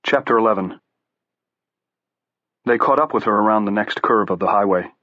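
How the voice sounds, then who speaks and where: A man with a lowish voice narrates a horror audiobook at a measured storytelling pace. The sound is dry and close, with muffled highs and no room around it. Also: no room sound. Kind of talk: scripted narration.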